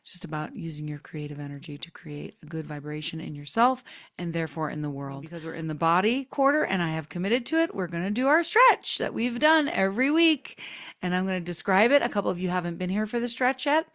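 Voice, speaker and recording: Woman gently coaxing through a stretch. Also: lowish voice, animated. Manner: chatty, gently coaxing, drawn-out soft cues. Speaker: host leading a group session. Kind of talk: casual guided stretching instruction. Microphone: computer mic on a video call.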